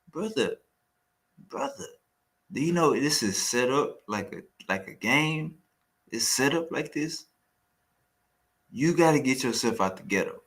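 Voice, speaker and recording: Slow-talking man reacting with slangy asides. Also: mid-range voice, a bit bright. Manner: slangy, repetitive, mocking asides. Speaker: reaction host. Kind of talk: casual reaction commentary.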